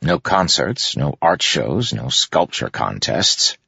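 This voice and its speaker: An exasperated young prince, as a narrator voices him, blunt and proud. The voice is husky and gravelly, a little raised from the narration. The lo-fi recording sounds dull. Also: male voice, very deep voice, sing-song, slow, sharp tone, no room sound, exaggerated voice.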